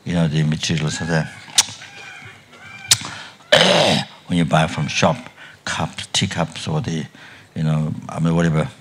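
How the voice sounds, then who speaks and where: A very low, gravelly older man giving a Buddhist dharma talk, his voice husky. He speaks very slowly and haltingly, restarting phrases and coughing or clearing his throat often. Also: lively intonation, a bit bright. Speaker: Buddhist teacher.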